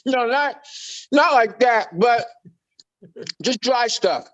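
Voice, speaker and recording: A middle-aged man, a guest on an interview podcast telling animated stories and acting out quoted voices. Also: very high-pitched, extremely slow, lo-fi sound. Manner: lively anecdotes, acts out quoted voices. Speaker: guest musician.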